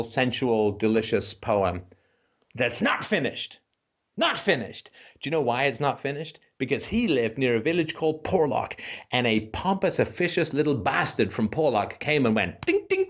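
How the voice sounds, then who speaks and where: A man hosting a call-in talk show, delivering a casual ranting monologue full of rhetorical questions. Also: mid-range voice. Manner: animated, rhetorical, keeps asking "right?".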